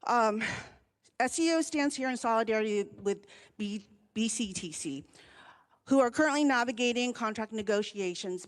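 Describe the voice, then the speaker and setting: A union chapter vice president and occupational therapist giving an earnest public comment at a board meeting. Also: female voice, mid-range voice. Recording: long hall reverb.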